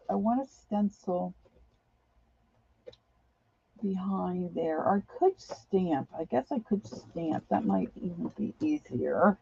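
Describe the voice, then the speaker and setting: A woman's voice: lowish voice, lively intonation, takes it slowly, creaky, slightly rough, muffled recording. A middle-aged woman chatting casually as she works on a craft project, rambling on and answering viewers' comments.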